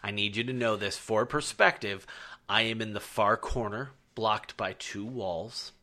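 A man's voice: lowish voice, unhurried, pushed and bright. A man in his thirties hosting a podcast, telling a story in casual chat, profane and emphatic. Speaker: podcast host.

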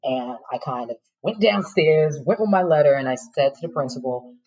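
Very husky-voiced woman. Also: sits low, expressive, normal speed, darkish tone, muffled recording. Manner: emotional, frank, laughs while telling it. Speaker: interview guest, former teacher. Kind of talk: candid personal storytelling.

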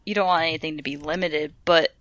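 A woman's voice: deep voice, steady tone, fast talker, a bit bright, no echo, dull audio. A woman co-hosting a podcast, chatting casually and musing aloud, often trailing off. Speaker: podcast co-host. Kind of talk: casual chat.

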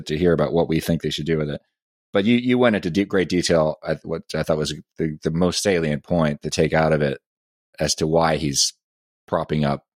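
A man co-hosting a podcast, speaking in a relaxed, hesitant way, with many restarts. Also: extremely low pitch, no room sound, studio quality. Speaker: podcast co-host. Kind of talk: casual podcast chat.

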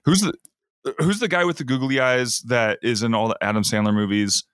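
A man's voice: mid-range voice, brisk, fairly bright tone, smooth, no echo, clean studio sound. A man chatting casually as a podcast co-host, rambling and losing his thread before starting over. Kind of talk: casual chat.

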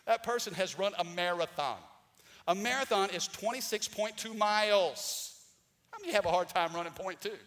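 A man's voice: sits high, normal speed, fairly bright tone, big-room sound. A man preaching a Sunday sermon as pastor, calling for responses from the congregation and rising to emphatic peaks. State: out of breath. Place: church sanctuary.

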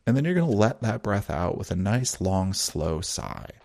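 A man guides listeners through breathing practice in a calm, measured monologue. His voice sits fairly low with a gravelly, fried texture. He talks in a soothing way and leaves long pauses. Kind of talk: teaching monologue.

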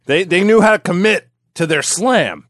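A man with a fairly high, very lively voice throws crude wisecracks into a loose podcast chat. His asides swing up and down as he riffs. The sound is dry and close. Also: moderate pace, no echo. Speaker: podcast co-host. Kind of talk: casual comedic banter.

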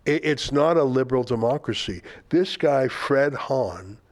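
A man's voice: mid-range voice, animated, measured pace. An older man hosting a political commentary show, sarcastic and indignant as he mocks the statements he reads out.

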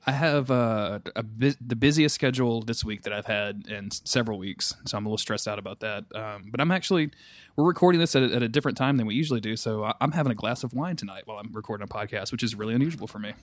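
Brisk, joking middle-aged male co-host, tight dry mic. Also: on the low side, no echo. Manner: joking, laughs often. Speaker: podcast co-host. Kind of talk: casual chat.

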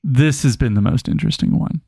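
A man co-hosting a casual book club podcast, an animated storyteller who reads passages aloud with emphasis. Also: mid-range voice, fairly quick, gravelly, husky, no room sound, clean studio sound. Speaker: podcast co-host.

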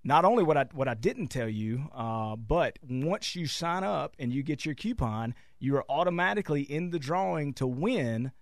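A man, a dealer guest on a radio show, talking through a sales pitch with many halting fillers and restarts. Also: expressive, dry recording, clean studio sound. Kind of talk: casual radio interview. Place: radio studio.

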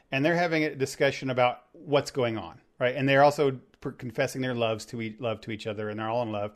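A man chatting casually on a movie podcast, retelling a scene in a lively, rambling way with many restarts. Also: mid-range voice. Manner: animated storytelling, rambling with restarts.

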